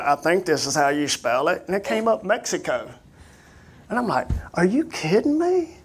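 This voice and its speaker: A man who works as a missionary, earnestly and animatedly telling his personal testimony in folksy, plain-spoken grammar. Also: high voice.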